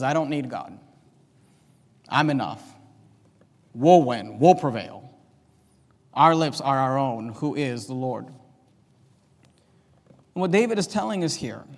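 A man preaching a sermon, swinging between loud, impassioned emphasis and quieter asides. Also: a little high. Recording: long reverb of a large hall.

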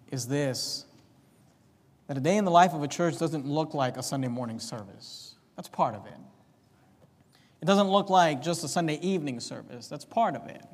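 A man preaching a sermon as pastor, moving between quiet reading and raised, emphatic preaching. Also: medium pitch, big-room sound. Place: church sanctuary.

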